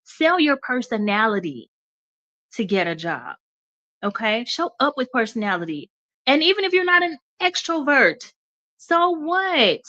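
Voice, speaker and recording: High-pitched, sing-song, pushed and bright, the woman's voice moves a little slowly and sounds a bit stuffy over dull audio. She hosts a radio show with an encouraging motivational talk, calling her audience y'all and repeating okay.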